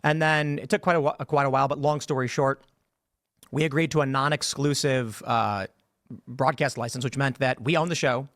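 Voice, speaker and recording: A man's voice: mid-range voice, fairly even intonation, a bit bright, dry recording, studio quality. Hesitant man explaining his show. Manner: halting, many fillers and restarts. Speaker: podcaster being interviewed. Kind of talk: explanatory statement in a played clip.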